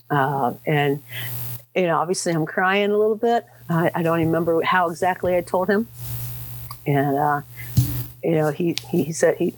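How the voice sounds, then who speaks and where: A woman guest recounting a personal story in a halting, reflective way, with many restarts. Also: lowish voice, a little hiss or hum, poor audio. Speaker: interview guest, author.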